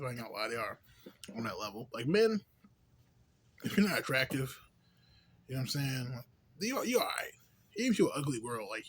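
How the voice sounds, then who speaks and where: A man's voice: mid-range voice, husky. Tipsy man rambling casually with slang. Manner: loose, profane, filler-heavy slang talk. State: a little tipsy from beer. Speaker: vlogger. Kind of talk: casual rambling vlog monologue.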